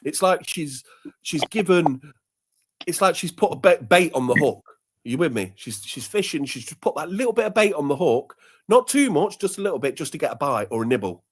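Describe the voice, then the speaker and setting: Man, heated livestream rant, swears a lot, lively swinging pitch, fairly high voice. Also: fairly quick, breathy edge. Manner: animated, swears a lot, repeats himself. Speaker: guest commentator.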